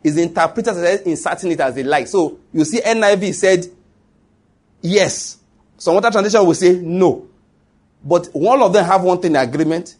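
Male preacher, middle-aged, emphatic, higher voice with a husky edge. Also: moderate pace, a little mellow. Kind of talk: sermon.

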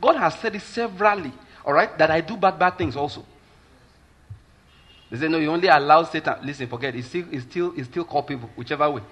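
A Nigerian-accented male pastor delivers a sermon in a husky, forceful voice set a little higher than most men's. He is emphatic, drops in Pidgin asides, and keeps asking whether his listeners follow. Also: brisk.

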